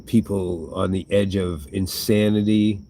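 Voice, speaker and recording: A man's voice: sits low, fairly even intonation, measured pace, dark tone, a little hiss or hum. A man chatting casually to his viewers, swearing freely, trailing off and restarting, with a smoker's cough now and then. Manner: smoker's cough between sentences. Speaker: vlogger answering viewer questions.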